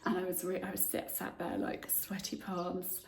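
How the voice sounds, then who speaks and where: A middle-aged woman from England talking through her day in a casual vlog, chatty and emotional, often dropping to a hush. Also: fairly low pitch, level tone, normal speed, gravelly. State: emotional, tearful. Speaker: vlogger. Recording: echoey room, faint background noise.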